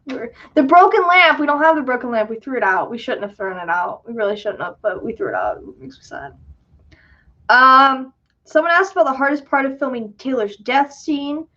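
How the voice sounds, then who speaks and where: A young woman chatting on a livestream with a high, bright voice, answering viewer questions in a loose, self-deprecating way. The sound is dull and lo-fi. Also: animated, moderate pace. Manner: chatty, self-deprecating, giggly, many fillers. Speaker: livestream host and filmmaker. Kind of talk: casual livestream Q&A chat.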